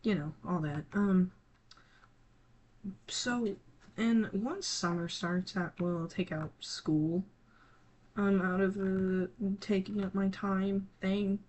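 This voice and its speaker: A teenage gaming creator talking casually to viewers, halting and scattered, with many restarts and trailing thoughts. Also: mid-range voice, darkish tone. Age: teens. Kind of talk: casual rambling talk to viewers.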